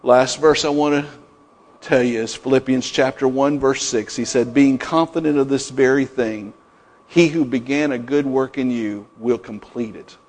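In a hall with long reverb, a middle-aged man delivers a sermon at normal speed, his mid-range voice darkish and fairly even in intonation. As a pastor, he drives his point home with repeated declarations that climb in emphasis.

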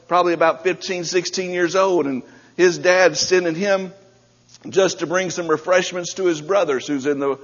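Fervent preacher in a reverberant church hall. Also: male voice, on the high side. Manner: builds from quiet prayer to fervent, rising preaching. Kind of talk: sermon with prayer and storytelling. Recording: muffled hall recording with long reverb.

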